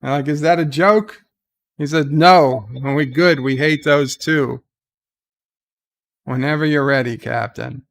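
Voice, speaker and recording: A man's voice: on the high side, unhurried, vocal fry, long pauses. A man hosting a live reaction stream, retelling the scenes in a casual, rambling way with restarts and fillers.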